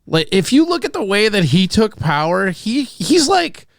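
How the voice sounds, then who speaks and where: A man's voice: high-pitched, very animated, moderate pace, creaky, dry recording, clean studio sound. A man co-hosting a morning radio show, wisecracking in casual banter. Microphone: studio mic.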